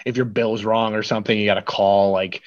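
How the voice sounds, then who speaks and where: A man's voice: on the low side, flat delivery, fairly quick, muffled recording. A man co-hosting a podcast, telling a long story in a loose, rambling way with lots of filler words. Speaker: podcast co-host. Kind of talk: casual chat.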